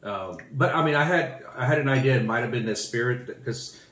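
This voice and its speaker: A man from Texas in his forties, co-hosting a family channel and telling a story in relaxed, rambling casual chat. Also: mid-range voice, fairly quick. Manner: relaxed, rambling, short agreeing replies. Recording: echoey room.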